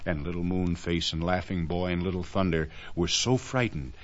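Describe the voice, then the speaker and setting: A man narrating a children's storybook in a gentle, expressive reading with asides to the listener. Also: sits low, normal speed, hardly any pauses. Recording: dull lo-fi record.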